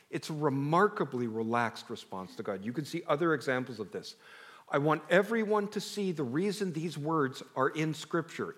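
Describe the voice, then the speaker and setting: A male pastor delivers a conversational sermon, frequently asking the congregation questions and shifting his emphasis freely. His voice is a little high.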